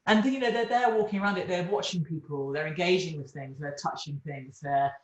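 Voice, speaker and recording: A man's voice: fairly high pitch, a little fast, echoey room, rough recording. A man interviewing, thoughtfully summing up what he has heard. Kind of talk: conversational interview.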